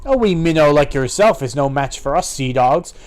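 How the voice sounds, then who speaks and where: A man's voice: fairly high pitch, lively intonation, moderate pace, darkish tone, natural voice. A man putting on a swaggering pirate brute. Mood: taunting. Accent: put-on pirate accent. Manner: pirate dialect, growling, swaggering. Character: gruff pirate man, boastful and mocking. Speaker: streamer reading game dialogue aloud. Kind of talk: live-streamed game playthrough.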